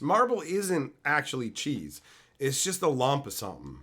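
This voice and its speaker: A young man from Canada, a streamer reading his live chat and ranting in loud, profane, mock-outraged bursts. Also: medium pitch, huge pitch swings, moderate pace, breathy edge. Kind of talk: casual rant to live chat.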